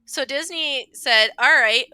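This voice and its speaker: A woman's voice: high-pitched, takes it slowly, sharp tone, dry recording. A woman guest on a movie podcast, telling stories with enthusiasm and frequent giggles. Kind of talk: casual movie podcast chat.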